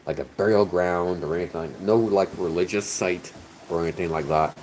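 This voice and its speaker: A man's voice: low voice, brisk, background noise. A tipsy man chatting casually on a stream, rambling, joking and swearing, his words slightly slurred. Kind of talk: casual chat.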